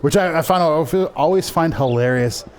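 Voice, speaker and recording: A man's voice: on the high side, normal speed, a little hiss or hum. A man co-hosting a let's play, rambling and laughing through casual gaming chat. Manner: rambling, laughing, self-interrupting.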